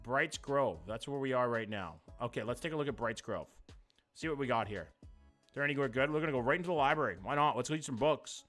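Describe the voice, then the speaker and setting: A young man, doing live-stream commentary, reacting to chat in a jokey, profane, animated way. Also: mid-range voice, quick pace, soft background music.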